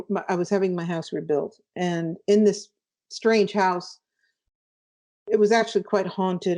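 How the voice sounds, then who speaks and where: A woman guest author being interviewed, telling a vivid personal story in an animated way. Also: medium pitch.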